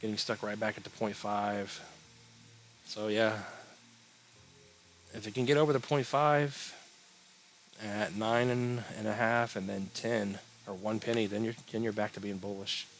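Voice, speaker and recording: A man's voice: lowish voice, unhurried, slight background noise, rough recording. A man hosting a live crypto chart stream, talking casually and rambling, yawning now and then as he answers chat. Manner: relaxed, rambling, yawning, reading chat aloud. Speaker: crypto livestream host.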